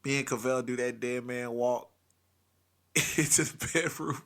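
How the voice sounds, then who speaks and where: A man hosting a comedy podcast and telling a family story with animated, emphatic swings in loudness. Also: mid-range voice, a little slow. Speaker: podcast host.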